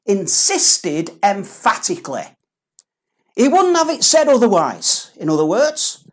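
A woman's voice: mid-range voice, slightly rough. A woman preaching an earnest, emphatic sermon with pleading repetitions.

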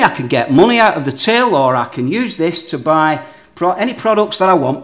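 A man's voice: fairly high pitch, fairly bright tone. A man preaching a sermon, leaning on emphatic phrases he repeats and speaking straight to his listeners. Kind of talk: sermon with object lessons.

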